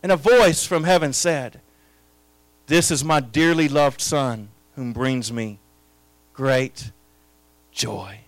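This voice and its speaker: A man preaching a sermon as pastor, his delivery swinging between hushed, intimate lines and loud, impassioned proclamations. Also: mid-range voice, takes it slowly, pauses often, no room sound.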